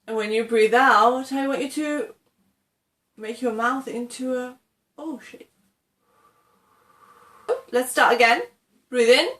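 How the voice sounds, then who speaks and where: A woman's voice: fairly high pitch, slow, long pauses, fairly bright tone, echoey room. A woman from England teaching English pronunciation in an encouraging tutorial, often checking in with "okay" and demonstrating sounds.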